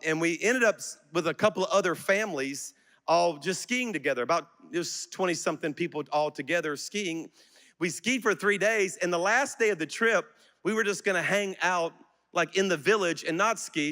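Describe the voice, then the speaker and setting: Bright-voiced preacher man in a reverberant hall. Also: on the high side. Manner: storytelling that builds to fervent, shouting exhortation. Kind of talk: sermon storytelling to a congregation. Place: large auditorium church. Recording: long reverb of a large auditorium.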